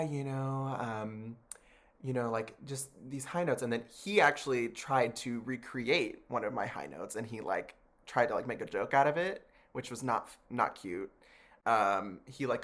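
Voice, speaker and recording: A man in an interview, retelling his story in an expressive, chatty way. He keeps saying "I was like" and acts out what others said, his voice jumping high as he quotes them. His voice sits at a middle pitch. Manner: chatty, many "I was like" and "like" fillers. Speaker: interview guest. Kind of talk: animated storytelling.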